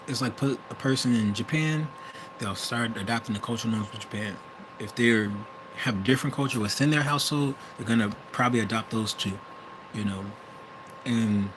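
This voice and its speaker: Young man, Wisconsin accent, hesitant rambling talk, mid pitch, vehicle noise behind. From US Midwest. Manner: rambling and hesitant, full of restarts and self-corrections. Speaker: vlogger. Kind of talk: casual monologue.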